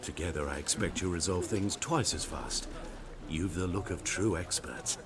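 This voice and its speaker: An actor playing a wary, businesslike grain merchant in a video game, speaking stiffly and formally. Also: male voice, deep voice, moderate pace.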